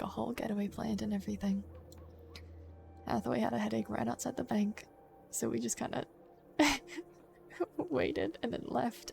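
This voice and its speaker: A woman's voice: on the high side, vocal fry, a little mellow, slight background noise. A woman chatting in character during a western roleplay game, telling a rambling story.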